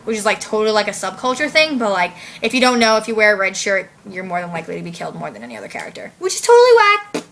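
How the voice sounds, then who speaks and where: A woman's voice: mid-range voice, big pitch swings, rapid-fire, a bit bright, slight background noise. A woman recapping a movie in a casual, slangy vlog, full of "like" and swearing. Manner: chatty, slangy, heavy use of "like", swears. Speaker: vlogger.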